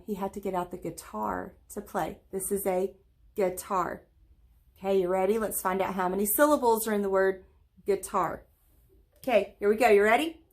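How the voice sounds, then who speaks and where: Woman teacher, virtual lesson for small kids, slow, clear and encouraging, stretches words out when clapping them, middle pitch. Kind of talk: virtual lesson for young children.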